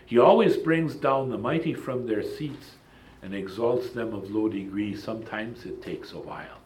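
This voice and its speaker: Low-voiced man teaching a Bible class. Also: animated, normal speed, darkish tone, slight background noise. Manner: emphatic, digressive, with asides and restarts. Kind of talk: Bible study lecture.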